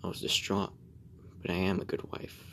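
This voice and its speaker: A man reading a first-person horror story in a slow, hushed way that often drops to a whisper. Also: a little hiss or hum, low-quality recording. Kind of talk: scripted horror narration.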